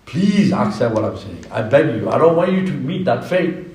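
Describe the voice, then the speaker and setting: A man voicing a tearful old fish elder who speaks softly and earnestly, recorded in an echoey hall from a distance. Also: medium pitch, very animated, normal speed, natural voice. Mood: pleading. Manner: soft, pleading, earnest. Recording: echoey mosque hall from far off.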